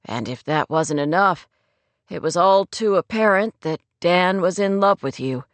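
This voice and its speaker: Woman with a gentle, measured reading voice. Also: lowish voice, animated, dry recording. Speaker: audiobook narrator. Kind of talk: scripted narration.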